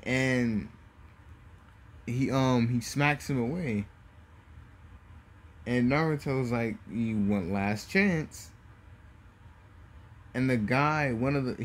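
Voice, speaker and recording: A man telling a fan story in a loose, casual way, stopping and restarting mid-thought. His pitch is mid-range and his pace slow. A faint noise sits under the voice. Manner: halting, full of fillers and restarts.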